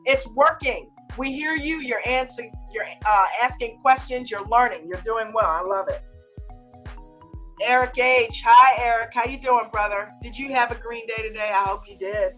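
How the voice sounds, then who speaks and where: A woman's voice: a little high, normal speed, a bit bright, faint music behind. An American woman hosting a live trading chat stream, playful and teasing, laughing often and greeting viewers by name. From United States.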